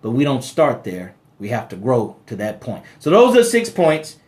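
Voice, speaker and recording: A man's voice: medium pitch, huge pitch swings, normal speed, darkish tone. Preachy man repeating his points. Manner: preachy, repeats key phrases, addresses listeners as brothers and sisters; stammers and restarts often. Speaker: host of a live money talk. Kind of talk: motivational live-stream talk.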